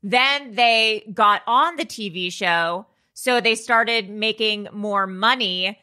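A woman's voice: mid-range voice, slow pace, pushed and bright. A woman co-hosting a podcast, talking in a chatty way, tripping over words and laughing between points. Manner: chatty, stumbles over names, laughs often. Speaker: podcast co-host. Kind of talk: casual chat.

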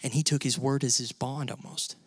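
A male pastor delivers a sermon as a personal story, talking like he's chatting with the congregation before pushing into emphatic, raised lines. His voice sits at an ordinary middle pitch. The sound is dry and close, with little room around it. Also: fairly even intonation, fairly quick, slightly rough, no room sound. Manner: storytelling, conversational, rising to emphatic peaks. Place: church sanctuary.

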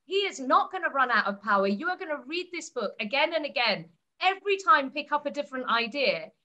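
A woman's voice: high voice, big pitch swings, fairly quick, pushed and bright. A woman speaking as a co-author at a book launch, explaining ideas step by step in a storytelling way.

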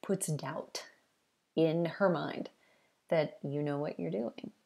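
Middle-aged female coach, lowish voice, loose conversational delivery with repeated points. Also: slow pace, gravelly, a little mellow. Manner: conversational, with frequent "you know" and list-like repetition. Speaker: fitness business coach. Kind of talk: advice talk to fitness trainers.

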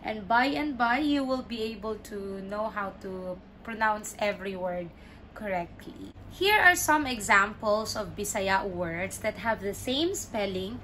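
A woman teacher giving a pronunciation lesson, repeating each word and stressing its syllables clearly. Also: mid-range voice, fairly bright tone, slight background noise. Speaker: language teacher. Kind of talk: slow, deliberate pronunciation lesson.

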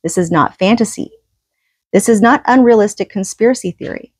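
A woman's voice: mid-range voice, brisk, darkish tone, breathy edge, no room sound. A woman reading a book aloud and adding her own commentary in an earnest tone, often asking rhetorical questions.

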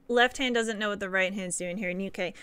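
Brief: bright, bubbly female streamer, giggly and chatty, dry close sound. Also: medium pitch, normal speed, smooth, no echo. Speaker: game streamer. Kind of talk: casual live-stream chat with viewers.

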